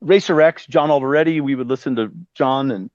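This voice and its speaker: A man in his fifties telling stories casually as a musician guest, animated and acting out the voices of other people he quotes. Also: medium pitch, brisk, no room sound. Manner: animated, acts out quoted voices, swears freely. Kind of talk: casual storytelling. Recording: dull dry lo-fi sound.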